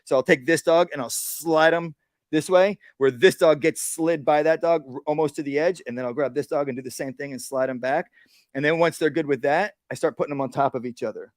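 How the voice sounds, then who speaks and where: A man's voice: a little high, a little fast, no echo, clean studio sound. A man, a dog trainer, giving a casual workshop talk outdoors and acting out what dogs and owners say.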